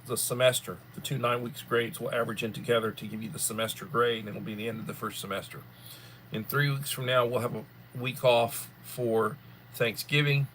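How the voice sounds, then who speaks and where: A tired, yawning man hosting a casual livestream chat, rambling and unhurried, often repeating words. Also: mid-range voice, fairly bright tone, a little hiss or hum. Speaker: livestream host.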